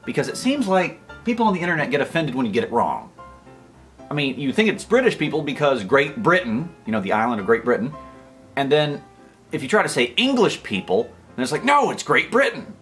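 American man, comedic vlog, rambling, self-interrupting, big swinging pitch, faint background music. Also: big pitch swings, a little fast. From United States. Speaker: YouTube commentator.

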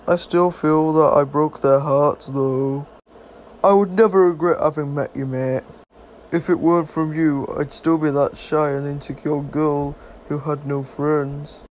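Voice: medium pitch, a little mellow, a little hiss or hum. A performer doing a brave, caring teenage girl. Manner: tacks on a silly catchphrase, British slang. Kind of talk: fan comic voiceover.

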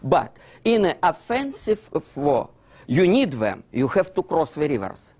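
A man giving a lecture in English, with broken grammar and a theatrical, animated delivery. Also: fairly high pitch, a little slow. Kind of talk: lecture with slides.

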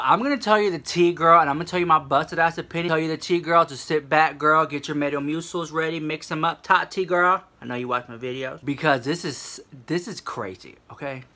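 Theatrical sassy guy doing gossip commentary, kinda high voice, sharp and bright, all drama. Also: fast talker, hardly any pauses. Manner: sassy and theatrical, sprinkles "girl" between phrases, swings loud and soft. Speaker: host of a satirical commentary channel. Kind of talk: campy comedic gossip commentary.

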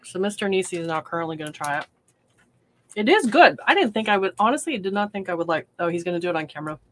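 Talking fast in a lowish, expressive voice, a livestream host chats casually while crafting in her hobby room. She is self-deprecating and laughs a lot.

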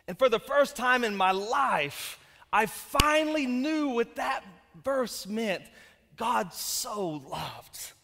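A man in his thirties preaching a sermon, telling stories with jokes and building to shouts. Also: extremely high pitch, takes it slowly. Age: 30s. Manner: energetic storytelling with jokes, rising to shouts. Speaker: pastor. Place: church sanctuary. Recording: long reverb of a church hall.

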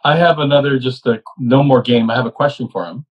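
Hesitant husky interviewer, muffled audio. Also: mid-range voice, fairly quick. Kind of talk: casual questioning.

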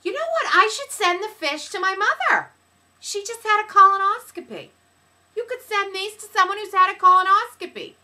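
Very high, bright, gushing woman. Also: sing-song, moderate pace. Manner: gushing, exclamatory, bursts into shouts and sing-song. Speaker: video reviewer. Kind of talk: excited product unboxing.

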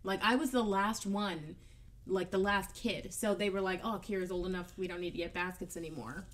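A woman's voice: mid-range voice, steady tone, moderate pace. Chill young woman chatting, asks questions, laughs a lot. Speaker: podcast co-host. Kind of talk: casual chat.

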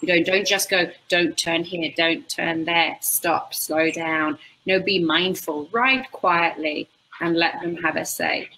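Her voice is lowish and creaky, recorded with poor audio and slight background noise. An animal communicator, she tells stories in conversation and expressively acts out her clients' words.

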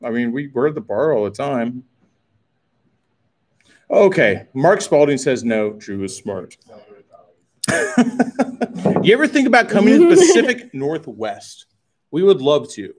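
A man co-hosting a casual livestream, loud and joking, reading out viewer messages and swearing a lot. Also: medium pitch, wildly swooping pitch, measured pace, pauses often. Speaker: livestream co-host.

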